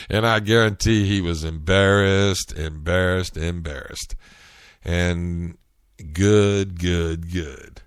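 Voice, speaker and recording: A man with a Southern US accent, from North Carolina, chatting through stories in a loose solo podcast. His voice sits very low, and the recording is dry. He talks in a relaxed way with frequent restarts. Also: drawn-out words, clean tone, dry recording. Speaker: podcast host. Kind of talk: casual solo monologue.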